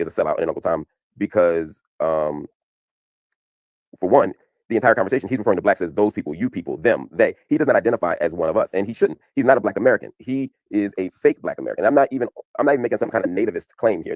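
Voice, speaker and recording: A man explaining his side of a television exchange in an emphatic, animated way. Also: deep voice, racing, no room sound, studio quality. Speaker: commentator explaining a TV appearance. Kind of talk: fast explanatory commentary.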